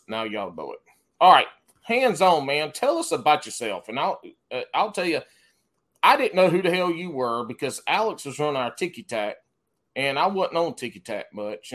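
A man's voice: medium pitch, a bit bright. A man with a Southern US accent hosting a podcast, telling loose, profane stories in casual chat. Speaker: podcast host.

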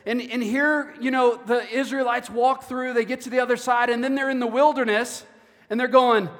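High-voiced man preaching in a reverberant hall. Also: steady tone, moderate pace. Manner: earnest, repeats words while preaching. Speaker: pastor. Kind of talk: sermon.

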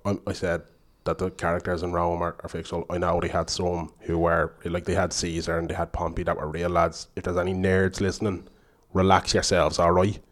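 A man's voice: deep voice, monotone, a little fast. A man with an Irish accent co-hosting a podcast, blunt and full of banter in casual chat. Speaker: podcast co-host.

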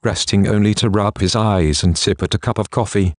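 A man narrating a novel in a steady, measured way, with a very deep, low voice. The sound is close and completely dry, with no room echo. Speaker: audiobook narrator. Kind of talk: scripted narration.

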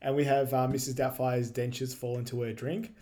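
A man co-hosting a podcast, recapping a movie in casual chat, laughing often and quoting scenes quickly. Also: mid-range voice, little pitch movement, mellow. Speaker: podcast co-host.

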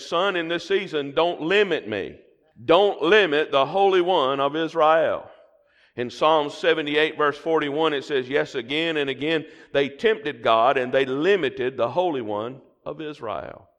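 A man's voice: medium pitch, a bit bright. A middle-aged man with a Southern American accent, preaching a sermon and leading the congregation in call-and-response. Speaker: pastor. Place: church sanctuary. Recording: long hall reverb.

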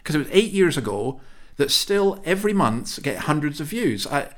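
A man's voice: on the high side, sing-song, moderate pace, fairly bright tone. A Scottish man hosting a podcast, opinionated and chatty. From Scotland. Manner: opinionated, chatty, laughs easily. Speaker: podcast host. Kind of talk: casual chat.

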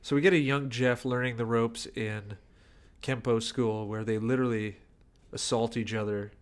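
A man's voice: mid-range voice, steady tone, moderate pace, clear, resonant tone. Dry-humored man in casual chat. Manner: dry, joking asides. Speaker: podcast co-host. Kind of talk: casual chat reviewing a movie.

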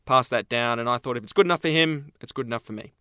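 An Australian man co-hosting a car podcast in a relaxed, chatty way. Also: mid-range voice, fast talker, clear, resonant tone, no room sound, clean studio sound. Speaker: podcast co-host. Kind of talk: casual car podcast chat.

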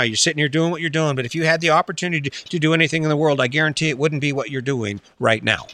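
A man's voice: a little high, racing, few pauses, pushed and bright. A man giving a casual motivational talk, blunt and full of rhetorical questions, with some swearing and mocking quoted voices.

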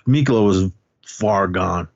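Low-voiced man rambling through a movie recap. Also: slow pace, dry recording, dull audio. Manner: rambling, many restarts and fillers. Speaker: podcast host.

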